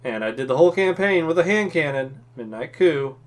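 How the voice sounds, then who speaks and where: A man's voice: fairly high pitch, lively intonation, brisk. A man co-hosting a casual gaming chat, cursing and joking while he acts out his reactions. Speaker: podcast co-host.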